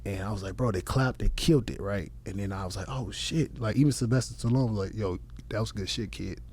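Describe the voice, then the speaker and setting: A man's voice: on the low side, brisk, a little mellow, a little hiss or hum. A comedian guest on a podcast, a man telling a loose, profane anecdote with quoted voices in casual chat. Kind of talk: casual storytelling. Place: podcast studio.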